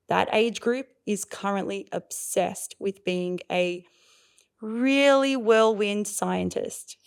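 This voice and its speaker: Gravelly, expressive woman parenting coach. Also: mid-range voice. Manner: expressive, acts out voices of parents and kids. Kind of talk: animated explaining in a podcast interview.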